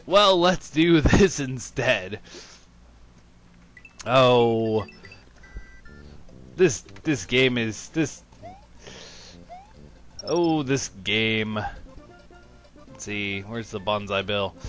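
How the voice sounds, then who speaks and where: A man talks over a video game in a slow, unhurried drawl, full of sarcastic, mock-excited remarks. Faint game music plays underneath his voice. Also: mid-range voice. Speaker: let's-play commentator. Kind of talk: sarcastic gameplay commentary.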